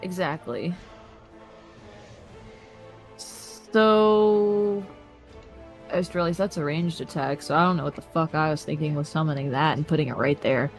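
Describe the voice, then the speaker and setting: A woman's voice: low voice, unhurried, long pauses, faint music behind. A woman playing a tabletop game, chatty and self-deprecating. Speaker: player.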